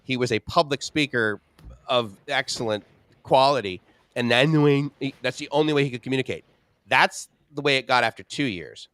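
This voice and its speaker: A man's voice: mid-range voice, normal speed, fairly bright tone, no room sound. A man co-hosting a live stream, telling a personal story in casual chat, emphatic and piling up repeated phrases and lists.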